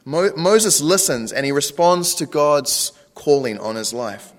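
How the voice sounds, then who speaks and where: A man's voice: on the high side, expressive, a little slow, hardly any pauses. A man, a pastor preaching a sermon in a conversational way, often asking rhetorical questions. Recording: long reverb.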